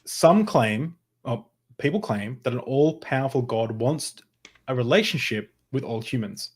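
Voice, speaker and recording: A man's voice: medium pitch, animated, measured pace, slightly rough. A man hosting a casual podcast debate, interjecting eagerly with his own points.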